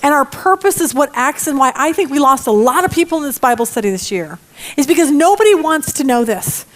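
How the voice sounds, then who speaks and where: A middle-aged woman teaching a Bible study lesson in a lively, expressive way, with joking asides. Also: high-pitched, fairly quick.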